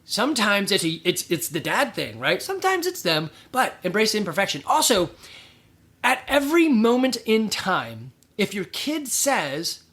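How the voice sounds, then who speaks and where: A man's voice: high voice, huge pitch swings, moderate pace, pushed and bright. A middle-aged man hosting a podcast, giving casual advice in a rambling, conversational way with restarts and chuckles. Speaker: podcast host.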